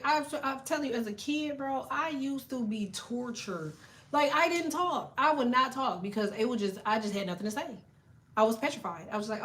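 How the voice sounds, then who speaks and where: Brief: brash woman tarot streamer, fairly high voice, swears constantly, animated and laughing. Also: a little fast. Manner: profane, animated, laughing, reads chat aloud. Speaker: tarot reader. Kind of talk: live tarot stream chat.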